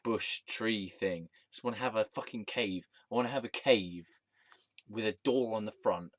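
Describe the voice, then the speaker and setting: Low-voiced, sweary man rambling. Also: normal speed, no echo. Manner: sweary, rambling, laughs often. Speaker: storytelling vlogger. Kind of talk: rambling personal monologue.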